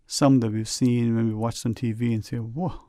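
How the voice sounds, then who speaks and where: A man's voice: mid-range voice, flat delivery, moderate pace, dark tone, dry recording. A man hosting a radio talk show, rambling and folksy with lots of "you know", earnestly advising listeners from a studio microphone.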